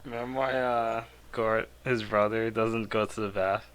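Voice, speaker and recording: A man's voice: on the low side, steady tone, measured pace, fairly bright tone. A man adding brief, laid-back comments in a casual podcast chat. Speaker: podcast co-host.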